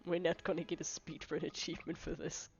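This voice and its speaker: A woman's voice: low-pitched, flat delivery, brisk, a little mellow, breathy edge, dull audio. A woman streamer giving casual, joking commentary while playing a game. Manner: joking, swearing, laughing.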